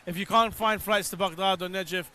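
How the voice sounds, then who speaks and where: A man with a notably high, bright and forceful voice hosts a live outdoor broadcast. He talks in an exhorting, preacher-like way, pressing his appeals on viewers. He is out in the open on a pilgrimage walk. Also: fairly even intonation, brisk, slight background noise. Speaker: presenter of live pilgrimage coverage.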